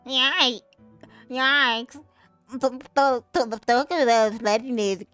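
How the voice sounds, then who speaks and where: A woman's voice: a little high, fairly even intonation, slow, fairly bright tone, smooth, dry recording, soft background music. A woman voicing a stammering, nerdy young classmate in a game, her speech hesitant and full of repeated words. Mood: nervous. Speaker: streamer voicing a game character.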